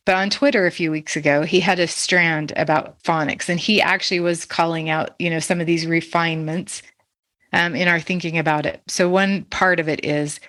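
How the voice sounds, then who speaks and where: A woman with a lower voice talks through teaching ideas on a podcast, posing questions and laughing lightly now and then. Her voice is close and dry, with no room sound. She sounds like a literacy educator thinking out loud. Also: dry recording. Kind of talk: casual podcast discussion.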